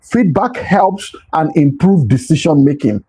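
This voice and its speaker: A man's voice: a little high, lively intonation, a little slow, dark tone, breathy edge, poor audio. A man giving a motivational leadership talk, earnest and repetitive, sometimes pleading with his listeners. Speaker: leadership speaker.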